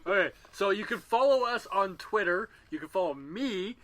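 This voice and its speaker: A man co-hosting a podcast, joking and teasing in quick casual banter. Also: high voice, animated, a bit bright, no room sound. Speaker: podcast co-host. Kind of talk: casual chat.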